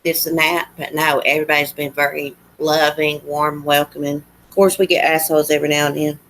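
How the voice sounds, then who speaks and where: A woman's voice: low-pitched, little pitch movement, brisk, fairly bright tone. A woman with a Southern US accent, hosting a livestream in casual chat and answering comments in a chatty, countrified drawl. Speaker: livestream host.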